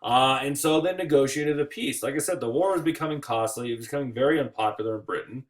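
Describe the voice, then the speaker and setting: A man giving a recorded history lecture over slides, casual and joking, with playful asides and quick put-on voices. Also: mid-range voice. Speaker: history teacher.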